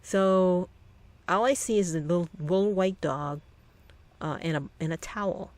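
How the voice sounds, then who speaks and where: Telling a story about her or his own life, a channel host wanders and stumbles, repeatedly restarting lines. The voice is medium in pitch and a little mellow, with no echo.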